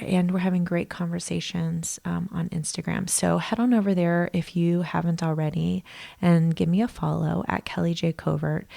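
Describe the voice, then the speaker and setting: Soft-spoken woman with a low, gravelly voice. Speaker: podcast host, inner voice coach. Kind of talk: podcast interview.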